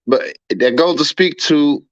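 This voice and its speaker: A man's voice: a little high, unhurried, dry recording, dull audio. A man hosting a livestream and reading chat aloud, laughing often, repeating himself and scolding a viewer. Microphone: streaming setup mic.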